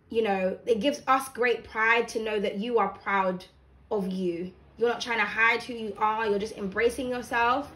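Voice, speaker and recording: A woman's voice: fairly high pitch, moderate pace, fairly bright tone. A young woman giving a casual, encouraging tarot reading to camera at home, chatty and full of fillers. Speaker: tarot reader. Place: home room with blinds open.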